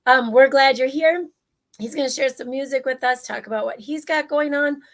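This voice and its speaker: A woman opens an online talk show in a bright, chatty way, her voice sitting a bit high. She drops in plenty of "um"s and sounds upbeat and easygoing. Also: moderate pace. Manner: upbeat, filler-heavy. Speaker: co-host. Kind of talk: casual show opening.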